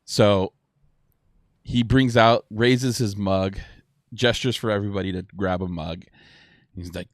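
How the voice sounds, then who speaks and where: A deep-voiced man running a tabletop game, talking loosely and casually with plenty of "um"s and restarts. The recording is dry and close, with no room sound. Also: steady tone, dry recording. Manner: halting, with many fillers and restarts. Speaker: game master.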